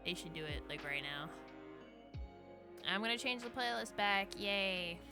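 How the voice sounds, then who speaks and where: A woman's voice: medium pitch, lively intonation, a little slow. A woman streamer reading fan fiction aloud on a desk microphone, gushing, giggly and swearing freely between passages. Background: faint background music.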